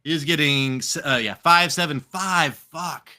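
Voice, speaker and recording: His voice leans high and he takes his time. He's an American man co-hosting a live fantasy football broadcast, sipping drinks, swearing offhandedly, and wandering through animated, profane tangents in relaxed podcast chat.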